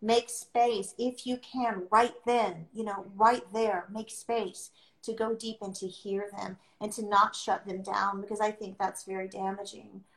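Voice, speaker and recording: A woman's voice: medium pitch, flat delivery, measured pace. A middle-aged woman, a podcast guest, talking earnestly and emphatically and repeating her key phrases. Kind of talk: heartfelt podcast conversation. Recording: echoey room.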